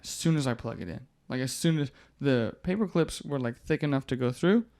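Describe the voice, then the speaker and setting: A man in his twenties, an MMA fighter guest on a podcast, telling stories in a loose, animated way, laughing often and swearing casually. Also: medium pitch, brisk. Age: 20s.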